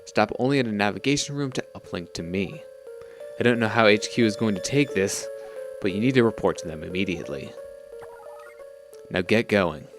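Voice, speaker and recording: Male reader voicing a stern computer, flat, measured delivery, lowish voice. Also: over music. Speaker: reading game dialogue aloud.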